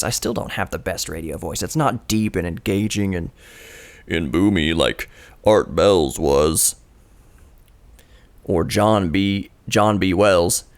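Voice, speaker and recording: A man in his thirties hosting his own radio show, talking alone into a studio microphone in an earnest, storytelling way with a dry, self-mocking streak. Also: on the low side. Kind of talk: reflective solo radio monologue. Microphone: studio broadcast microphone.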